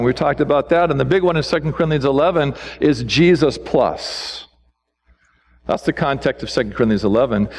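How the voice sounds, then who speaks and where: A male pastor preaching a sermon in a church, talking conversationally, asking the congregation questions and dropping low and quiet to drive points home. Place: church sanctuary. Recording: long hall reverb.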